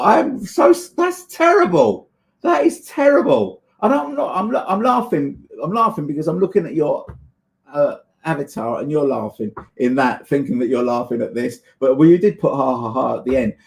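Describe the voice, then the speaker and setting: A man's voice: mid-range voice, vocal fry, a little mellow. A man hosting a livestream, chatting casually and answering viewers with many fillers and laughs. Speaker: livestream host reading chat. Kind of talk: casual chat.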